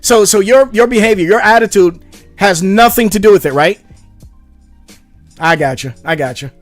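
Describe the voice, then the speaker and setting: A man hosting a commentary channel, reacting to a debate clip with animated, sarcastic asides. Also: high-pitched, normal speed, long pauses, no echo, faint music behind.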